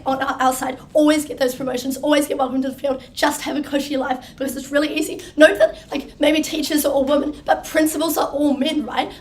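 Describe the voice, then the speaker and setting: Hoarse, fast-talking teen girl debater. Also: high-pitched. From New Zealand. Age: teens. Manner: quick, punchy and wry. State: hoarse, losing her voice. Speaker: school debater. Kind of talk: competitive debate speech. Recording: distant room mic.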